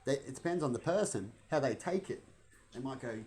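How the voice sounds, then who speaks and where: A man's voice: mid-range voice, expressive, fairly quick, a little mellow. A man, rambling through a casual vlog monologue full of rhetorical questions. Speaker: vlogger.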